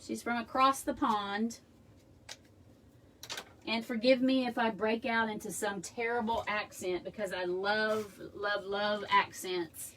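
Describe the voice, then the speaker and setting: A woman hosts a casual live craft tutorial from home, chatty and rambling as she talks to her viewers. Her voice is picked up from a little way off the mic, at an everyday middle pitch. A faint hum of background noise sits under her talk. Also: fairly even intonation, slow, a bit bright, distant mic, rough recording.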